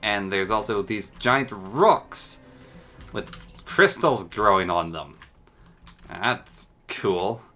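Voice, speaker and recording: A man's voice: on the low side, lively intonation, takes it slowly, sharp tone, soft background music. A man giving casual, enthusiastic commentary while showcasing a game mod, chatting and musing aloud as he goes.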